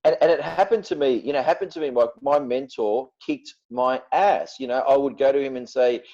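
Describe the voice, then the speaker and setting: A man speaking as a podcast guest, blunt and forceful, cursing freely as he makes his points. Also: mid-range voice, a little fast, muffled recording, a little hiss or hum. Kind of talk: passionate podcast talk.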